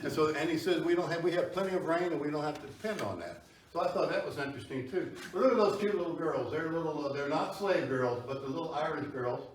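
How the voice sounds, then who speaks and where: A man gives a public history talk, chatting loosely and putting questions to the audience. His voice sits a little high. It is picked up from a distance in an echoey hall, with faint noise underneath. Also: fast talker. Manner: conversational, asks the audience questions. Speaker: history lecturer. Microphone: far tripod camera.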